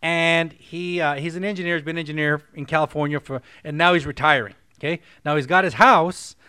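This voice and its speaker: A man's voice: on the high side, fairly quick, clean tone, no room sound, clean studio sound. A man hosting a casual chat, telling an example story and often checking in with "okay?". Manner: animated, checks in with listeners often. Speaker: podcast host, real estate coach.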